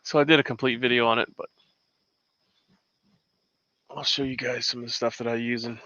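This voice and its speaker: A man's voice: mid-range voice, little pitch movement, a little fast, pushed and bright, no echo, dull audio. A man hosting a casual live question-and-answer show, rambling with frequent restarts as he shows his gear. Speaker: host. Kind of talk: casual livestream chat.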